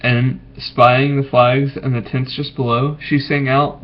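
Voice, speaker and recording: A man reading a storybook aloud to his children, gentle and stopping to ask them questions. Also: mid-range voice, level tone, measured pace. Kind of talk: bedtime story read aloud. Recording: dull lo-fi recording.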